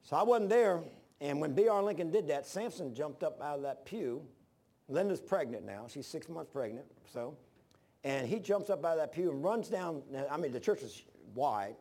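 Male preacher, slightly high voice, storytelling sermon with shouted peaks. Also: moderate pace, husky. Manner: animated storytelling, bursts of shouting.

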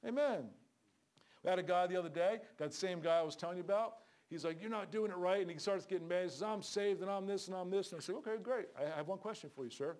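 A middle-aged male street preacher with a high, darkish-toned voice delivers a fast, fervent sermon. He calls out for amens and acts out the people he meets on the street.

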